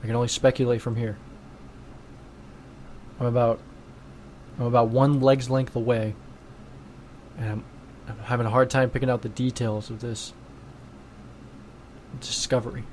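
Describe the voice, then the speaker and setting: A man's voice: mid-range voice, flat delivery, normal speed, pauses often, a little mellow. Man, mid-range voice, dry playful quips, casual podcast co-host, faint background noise. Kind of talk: casual chat.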